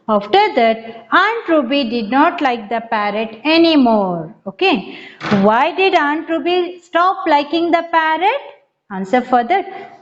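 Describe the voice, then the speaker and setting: A woman teacher with an Indian English accent speaks high and slow, her voice rising and falling widely. She spells words out letter by letter and keeps addressing the children. The recording sounds dull and lo-fi. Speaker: primary school teacher. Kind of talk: classroom revision lesson.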